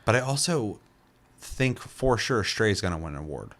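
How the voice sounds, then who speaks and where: A young man chatting loosely on a casual podcast, his voice sitting on the low side. He rambles, restarts his sentences and swears in passing. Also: big pitch swings, normal speed, fairly bright tone. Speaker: co-host.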